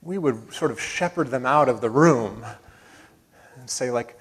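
A man preaching a sermon as pastor, earnest, building to emphatic peaks and then dropping soft. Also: medium pitch, a little slow, breathy edge. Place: church sanctuary.

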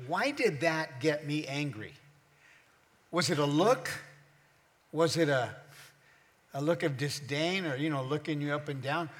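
A man's voice: a little high, a bit bright. A middle-aged man preaching as a pastor, teaching his congregation and asking them questions. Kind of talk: sermon. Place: church hall. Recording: echoey church hall.

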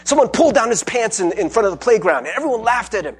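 Male pastor, casual sermon delivery, acts out dialogue; husky voice, very expressive. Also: high-pitched, fast talker, faint music behind. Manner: animated, acts out everyday dialogue with repeated "right?". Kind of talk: conversational sermon.

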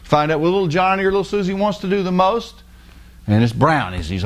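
A man's voice: high-pitched, lively intonation, a little fast. A man preaching a casual, folksy sermon in plain everyday words. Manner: folksy, plain-spoken, mimics people with sing-song voices.

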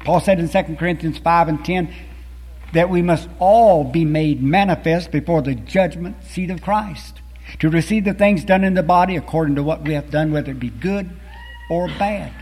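A man preaching with earnest conviction, his voice pitched a little high and carrying a breathy, husky edge. His words ring out into a long hall reverb, as if he were in a church sanctuary. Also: moderate pace, darkish tone. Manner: earnest, rises and falls in emphasis while reading scripture and poetry. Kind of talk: sermon.

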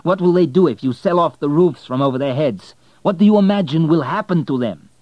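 A man's voice: fairly high pitch, lively intonation, brisk, no room sound, highs cut off, voice pushed up, lightly acted. A man reading an audiobook, voicing a proud, angry male hotelier with a heated, raised delivery.

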